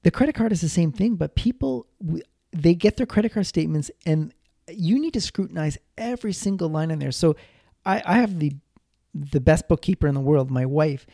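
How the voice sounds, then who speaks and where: A man's voice: a little high, expressive, a little fast, creaky, warm tone, no echo, studio quality. A man giving casual personal finance advice, rambling with frequent restarts and repeated words.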